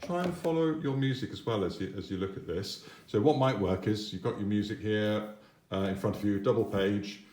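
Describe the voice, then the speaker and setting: Man, low voice, patient piano teacher, children's lesson, echoey room, piano behind. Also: moderate pace, darkish tone. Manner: patient, encouraging, sings note patterns. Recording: roomy echo, piano playing.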